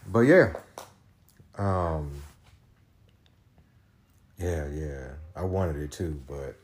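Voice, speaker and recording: Solo podcast host, male, deep low register, casual rambling profane storyteller. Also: lively intonation, drawn-out words, darkish tone. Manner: loose, profane, rambling with many restarts.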